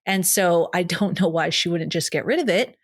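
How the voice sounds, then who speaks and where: A woman in her thirties co-hosting a horror movie podcast in casual chat, animated and swearing, acting out characters' lines with big jumps in her voice. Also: lowish voice, moderate pace, breathy edge. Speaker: podcast co-host.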